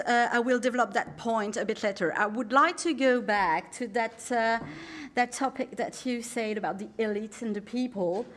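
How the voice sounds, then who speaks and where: A woman's voice: on the high side, a bit bright, slight background noise. A woman with a French accent, a native French speaker giving a conference panel speech in English, hesitant and full of fillers as she searches for words. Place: conference hall.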